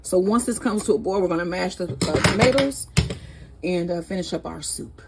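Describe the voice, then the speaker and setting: Heavy background noise surrounds this woman's lowish voice, which moves at a normal speed. She runs a cooking vlog from her own kitchen, talking in a chatty, excitable way, gasping happily and tasting often while she speaks.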